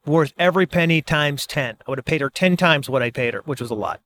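Brief: middle-aged man, slightly high voice, chatty and animated, acts out reactions. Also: fast talker. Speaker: speaker and author. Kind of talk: casual monologue.

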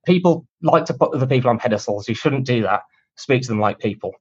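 A man answers interview questions in a relaxed, chatty way, with cheeky self-deprecating humor. His voice sits at a medium pitch. The recording sounds dull and lo-fi. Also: fast talker, breathy edge. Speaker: guest, cold email marketer. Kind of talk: casual conversational interview answers.

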